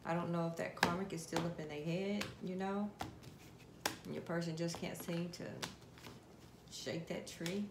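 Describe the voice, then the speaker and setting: A woman's voice: on the low side, a little slow, long pauses. A woman giving a casual tarot reading to her viewers, chatty and direct, putting questions to spirit aloud. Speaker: tarot card reader. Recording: echoey room with steady background noise.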